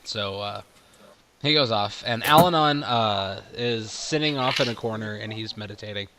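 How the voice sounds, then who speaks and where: A man running a tabletop game as game master, narrating with a halting, relaxed flow full of fillers. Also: on the low side, noisy background.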